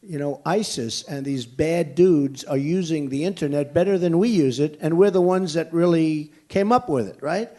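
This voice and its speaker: A man's voice: a little high, moderate pace, few pauses, mellow. An older American man fields questions at a political rally in a blunt, emphatic way, circling back to the same phrases. His voice sits a little above the usual male range. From United States. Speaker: presidential candidate at a rally. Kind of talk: campaign rally Q&A. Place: large indoor venue.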